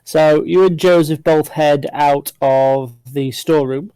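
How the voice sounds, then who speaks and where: A man narrating a tabletop game as game master, describing scenes in an unhurried way with frequent fillers. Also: on the high side, steady tone, mellow, clear, resonant tone, no room sound, low-quality recording.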